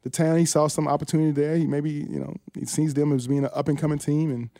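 Man, ex-football player, sports radio guest, halting speech, frequent restarts, slightly high voice, dry close mic. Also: little pitch movement, dark tone, no room sound. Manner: halting, many restarts and fillers. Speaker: former NFL linebacker, guest.

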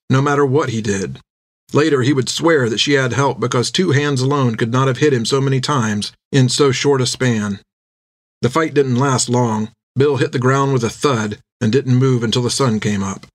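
A man narrating an adventure audiobook with steady storytelling. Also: medium pitch, dry recording, clean studio sound.

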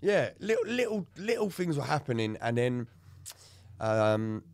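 A podcast co-host shares his own experience candidly on a casual show, telling it with animation and swearing freely. His mid-range voice is a bit slow, with no room sound.

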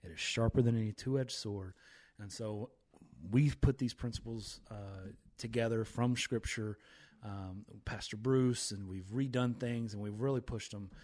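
A man's voice: fairly low pitch, fairly even intonation, measured pace, a little mellow. Fired-up man hosting a faith podcast. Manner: fired-up, preachy, quotes scripture with emphasis. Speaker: podcast host.

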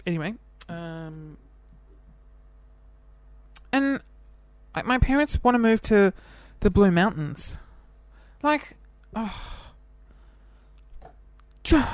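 A man's voice: sits high, dry recording. A man in his twenties with an Australian accent, hosting a casual solo podcast, chatty and self-deprecating as he jumps from one topic to the next. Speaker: podcast host.

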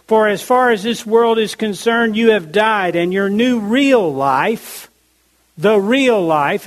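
High-voiced preacher with emphatic delivery. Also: male voice. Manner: emphatic, slows down to stress key words; reads scripture aloud in a measured voice. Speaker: pastor. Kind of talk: sermon.

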